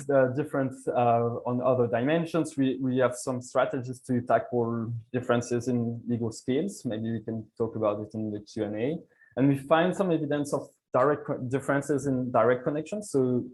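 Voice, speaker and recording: A man's voice: medium pitch, darkish tone, rough recording. Man presenting research findings. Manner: summarizing findings, with frequent self-corrections. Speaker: economics paper presenter. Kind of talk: academic conference presentation.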